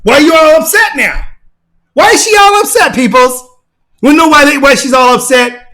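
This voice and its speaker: A man hosting casual commentary on a fight video, excitable, laughing and repeating himself. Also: very high-pitched, normal speed. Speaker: channel host.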